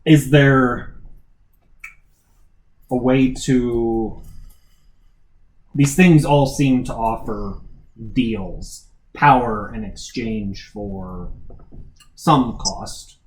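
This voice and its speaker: A man's voice: medium pitch, very slow, pauses often, echoey room, a little hiss or hum, poor audio. A man playing a hesitant, careful adventurer. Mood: probing. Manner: hesitant, with many fillers and restarts. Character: cautious female adventurer Harmony, polite and probing.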